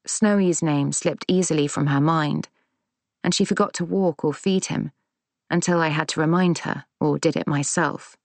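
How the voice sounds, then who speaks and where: Low-voiced woman narrating calmly. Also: gravelly, dry recording. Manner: measured, gentle, reflective. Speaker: audiobook narrator. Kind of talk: first-person audiobook narration.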